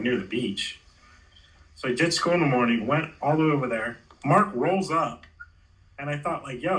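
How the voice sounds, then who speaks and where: A man's voice: fairly high pitch, fairly bright tone, far from the mic, rough recording. A man in his forties, a former pro skater, telling stories in a laid-back, slangy way and acting out the quotes. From Los Angeles area. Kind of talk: casual storytelling interview.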